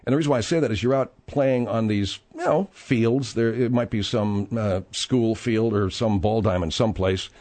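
A man hosting a comic talk radio show from a studio microphone, slightly hoarse from a sore throat, blustery and mock-indignant as he rambles. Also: on the low side, moderate pace, few pauses, a little mellow.

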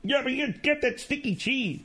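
A man voicing a dim-witted male sidekick in a comedy radio bit, with a high, raspy voice and a goofy, agreeable manner. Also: normal speed, a bit bright, a little hiss or hum. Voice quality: high, raspy, slightly distant.

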